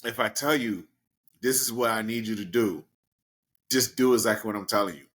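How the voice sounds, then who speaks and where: A man from Brooklyn, a guest in an interview, telling a story casually and animatedly, acting out the people in it with big leaps in pitch. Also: brisk, a bit bright. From Brooklyn, New York. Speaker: guest, professional wrestler.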